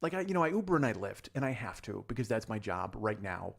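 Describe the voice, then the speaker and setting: A man's voice: on the low side, big pitch swings, quick pace, creaky, husky. A man in his forties hosting a comedy podcast, talking in a rambling, profane, self-deprecating monologue full of restarts. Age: 40s. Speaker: podcast host.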